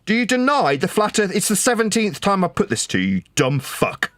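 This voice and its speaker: A man in a heated online debate, angrily mocking and shouting insults, repeating the same point. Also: sits high, wildly swooping pitch, a little fast, no echo, clean studio sound. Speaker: debate caller.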